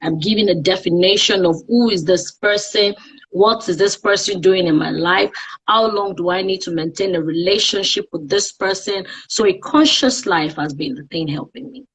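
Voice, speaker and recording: A woman with a Nigerian accent and a mid-range voice speaks at a normal pace, with a faint hiss or hum in the background. She's a guest on a casual live-streamed social media interview, speaking candidly and reflectively about her life.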